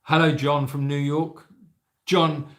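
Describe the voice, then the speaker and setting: A man chatting casually on a livestream, joking and rambling through his stories. His voice sits at an ordinary pitch. The room around him is echoey. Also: level tone, slow. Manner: jokey storyteller, slips into silly put-on voices. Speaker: sanctuary co-host on a livestream.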